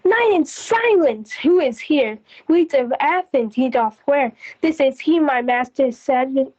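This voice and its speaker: A mischievous forest sprite , voiced by a teenage girl, chants rhymed verse for a school audio play. The voice is high and slow, with a sing-song lilt. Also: a little mellow, highs cut off. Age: teens.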